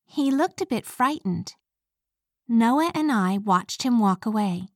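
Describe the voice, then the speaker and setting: A woman reads a first-person story aloud, slowly and carefully with clear diction. Her voice is fairly high for a woman. The recording is close and dry. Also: animated, a little mellow, dry recording. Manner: slow, clear, careful reading. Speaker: audiobook narrator.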